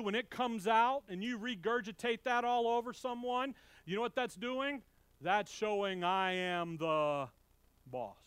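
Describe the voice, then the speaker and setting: Middle-aged male pastor, lively preaching with loud and soft swings, high-pitched, dry recording. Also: no room sound. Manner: animated, anecdotal, swings from loud emphasis to quiet asides. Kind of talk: sermon.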